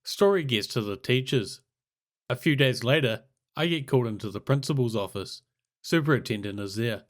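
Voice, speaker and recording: Deadpan man reading a crude story. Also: mid-range voice, moderate pace. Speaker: narrator. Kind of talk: scripted narration of a crude comic story.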